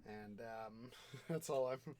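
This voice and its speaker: A man's voice: mid-range voice, mellow. A man with a Midwestern American accent casually commentating his Minecraft play alone, rambling with many fillers and counting items aloud. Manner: rambling, halting, many fillers and self-talk. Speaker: Minecraft let's player. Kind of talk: casual solo gameplay commentary.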